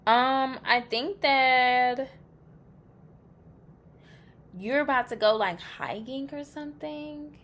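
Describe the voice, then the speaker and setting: A woman's voice: high-pitched, slow pace, long pauses, a bit bright. A woman giving a casual pick-a-card tarot reading. She is chatty and blunt, swears freely, and thinks aloud as she reacts to the cards.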